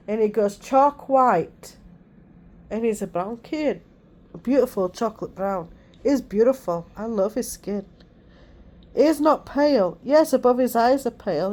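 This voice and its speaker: Calm-voiced middle-aged woman chatting. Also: a little high. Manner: calm, soothing way of talking. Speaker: vlogger and mother. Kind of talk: casual chat vlog. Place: at home.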